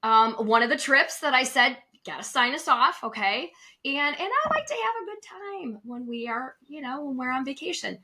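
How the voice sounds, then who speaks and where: Podcast co-host, woman in middle age, animated storyteller, crisp bright tone. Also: moderate pace. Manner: lively storyteller, acts out quotes with big pitch jumps. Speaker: podcast co-host and travel advisor. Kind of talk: casual chat, telling a personal story.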